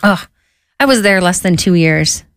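A woman with a somewhat low voice tells her own story in a relaxed, conversational way. She slips into lively quoted voices for the people in her tale. The sound is close and dry. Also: normal speed, smooth, no room sound. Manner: lively, quotes herself and others in an animated voice. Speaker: guest sharing her testimony.

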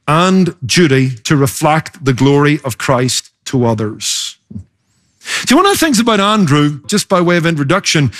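A man preaching a sermon as pastor, emphatic, slowing down and speeding up to stress his points. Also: fairly high pitch. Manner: emphatic preaching with varied pace.

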